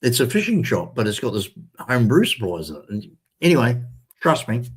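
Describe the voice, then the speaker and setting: A man's voice: medium pitch, sing-song, a little fast, breathy edge. An older man, telling a rambling story straight to his viewers in a chatty, repetitive way. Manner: chatty, repetitive, addresses viewers as ladies and gentlemen. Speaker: vlogger. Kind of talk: casual storytelling to camera.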